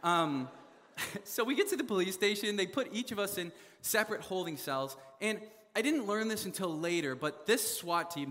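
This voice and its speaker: A young man from Canada telling a funny story in a sermon, animated, laughing often and full of fillers. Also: high-pitched, moderate pace, in a large hall. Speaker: preacher.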